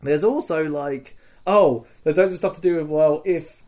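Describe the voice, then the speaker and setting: A man with a mellow, somewhat high voice tells a story at normal speed on a podcast he hosts. He chats casually, swears freely, and acts out the scenes with sound effects.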